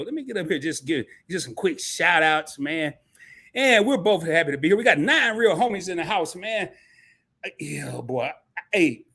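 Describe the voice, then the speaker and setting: A man hosting a live stream talk show, talking in an energetic, slangy, casual way to his chat. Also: high voice. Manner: energetic, slangy, calls the audience "baby" and "man".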